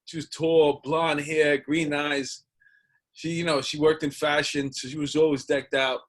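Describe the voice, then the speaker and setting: A man's voice: fairly high pitch, flat delivery, a little slow. A man hosting a casual interview, laid-back and joking, laughing often. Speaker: host.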